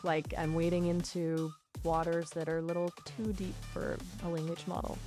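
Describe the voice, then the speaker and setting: A woman's voice: lowish voice, flat delivery, music in the background. An AI chatbot speaking in a woman's voice, chatting playfully and quipping with a streamer. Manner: chirpy, playful, quick with quips. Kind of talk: casual chat.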